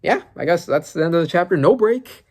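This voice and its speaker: Excitable man thinking aloud. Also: sits high, brisk. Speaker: manga reaction channel host. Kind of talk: casual reaction commentary.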